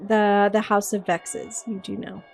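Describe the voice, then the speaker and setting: A woman running a tabletop game as game master, relaxed and quick to laugh. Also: mid-range voice, creaky, soft background music.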